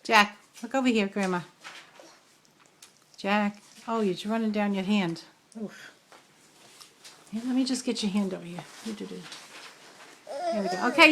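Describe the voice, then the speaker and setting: A woman's voice: a little high, fairly bright tone, a little hiss or hum. An older woman, a grandmother, doting on her small grandchild with coaxing sing-song baby talk at home.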